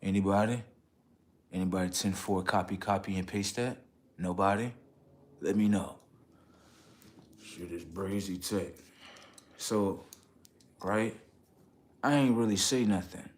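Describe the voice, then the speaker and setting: A man on a casual livestream, rambling in slangy street talk and checking in with his viewers, getting loud and high when worked up. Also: measured pace, pauses often. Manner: rambling, repeats "okay" and "right" to the audience. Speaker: livestream host.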